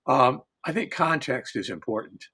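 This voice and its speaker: A man on a discussion panel telling a personal anecdote in an unhurried, halting way, with frequent fillers and chuckles as he builds to a punchline. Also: medium pitch, expressive, sharp tone, slightly rough. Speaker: storyteller and panelist.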